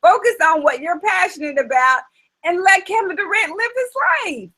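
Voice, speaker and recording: Host: woman, high bright voice, opinionated, casual and emphatic. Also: expressive, normal speed, low-quality recording. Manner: emphatic, opinionated, lots of fillers. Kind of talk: casual chat show.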